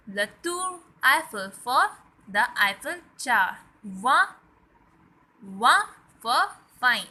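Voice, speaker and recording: A woman teaching French words slowly, repeating each one for viewers to say along. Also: a little high, sing-song, pushed and bright, poor audio. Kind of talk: French vocabulary lesson.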